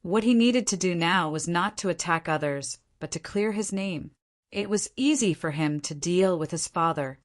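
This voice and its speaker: Woman narrator with a lower voice reading a novel in steady, scripted narration. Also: normal speed. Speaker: audiobook narrator.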